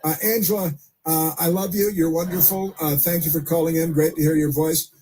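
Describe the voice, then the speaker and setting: A man's voice: on the high side, steady tone, a little fast, mellow, faint music behind. A man hosting a political call-in radio show, chatty, chuckling and often repeating himself. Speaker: radio talk show host.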